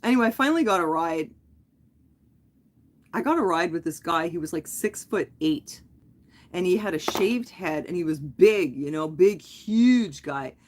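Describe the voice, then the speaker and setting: A woman's voice: fairly low pitch, expressive, unhurried, slight background noise. A middle-aged woman hosting a livestream, telling a long story in a casual, rambling way, full of fillers and self-corrections. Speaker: livestream host.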